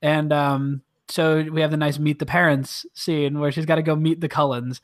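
Podcast cohost rambling along, sweary, does little voices, dry close mic, mid pitch. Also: level tone, moderate pace, dry recording. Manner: rambling, sweary, mimics voices while retelling. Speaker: podcast co-host. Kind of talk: casual chat.

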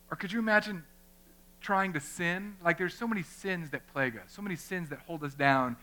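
A man, a pastor, preaching a lively sermon, talking straight to his congregation and acting out little scenes. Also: high-pitched, fairly quick. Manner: conversational, addresses the congregation directly; animated, acts out little scenes.

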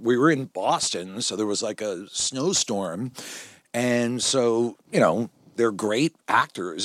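A man, a film director, telling set stories in a lively conversational way, often acting out what people said. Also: medium pitch, no room sound, studio quality. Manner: animated storyteller, quotes people in voices. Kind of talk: conversational anecdotes.

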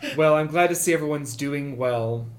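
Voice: medium pitch, normal speed, lightly acted. A game master voicing an awkward, aloof cat-folk woman who works in marketing, speaking curtly and dryly. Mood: deadpan. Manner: dry, curt, deadpan.

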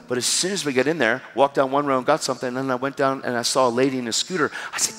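A man preaching a sermon, telling a story with animated, emphatic exhortations. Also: medium pitch, racing. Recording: reverberant hall with music behind.

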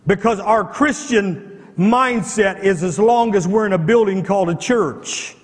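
A male pastor preaching a fervent sermon, repeating himself and firing rhetorical questions, at times rising to shouts. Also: high-pitched, measured pace. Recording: long hall reverb.

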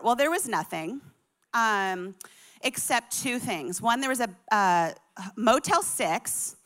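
Bright, high-voiced woman storyteller. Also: unhurried. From Colorado, USA. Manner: animated, chatty, full of acted-out quotes. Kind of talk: comic personal storytelling.

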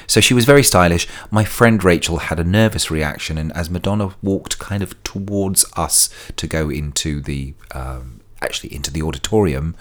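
A man's voice: extremely low pitch, a bit bright. A man telling stories on his solo podcast, chatty and prone to digressions and sidebars. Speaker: podcast host. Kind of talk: casual solo podcast storytelling.

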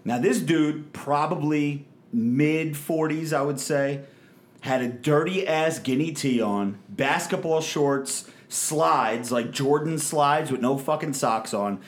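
Profane storytelling man, raised pitch. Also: takes it slowly. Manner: profane, animated, acts out quotes. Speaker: podcast host telling a story. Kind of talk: casual storytelling.

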